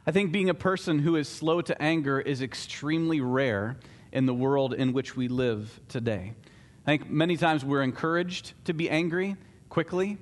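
A man's voice: a little high, moderate pace. A man giving a sermon as a pastor, talking conversationally with light humor.

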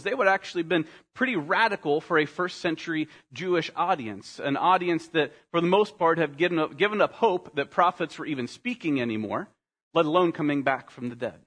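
A male pastor preaching a sermon, earnest, slowing down and dropping to a soft voice on key phrases, calling his listeners "guys". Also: fairly high pitch, lively intonation. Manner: earnest, slows down and drops softly on key phrases; addresses congregation as "guys".

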